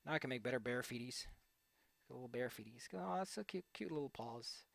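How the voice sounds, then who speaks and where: A young man chatters goofily while he draws, bouncing his voice up and down with lively swings. His tone is bright and a little sharp. The sound is dry and close, with no room around it. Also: mid-range voice, fast talker, creaky, no echo. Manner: goofy, rambling, playful repetition. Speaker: streamer. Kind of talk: casual commentary while drawing.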